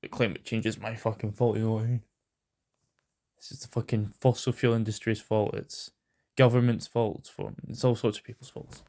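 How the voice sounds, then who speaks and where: A man's voice: lowish voice, little pitch movement, brisk, dark tone. A British man hosting a casual news rant. He rambles, swears a lot and fills his talk with ums and hesitations. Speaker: host.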